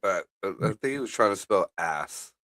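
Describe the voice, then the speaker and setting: A man's voice: deep voice, expressive, normal speed, background noise. A man co-hosting a live stream, throwing in blunt, crude wisecracks. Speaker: co-host. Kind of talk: casual crude banter.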